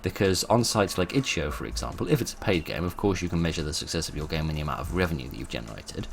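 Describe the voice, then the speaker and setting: A man with a very low voice talks through his channel's past and future in a loose, informal way. He weighs each point aloud, stopping and restarting often. A faint hiss sits under the recording. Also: animated, quick pace, creaky. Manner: thoughtful, hesitant, many fillers and restarts. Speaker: channel host.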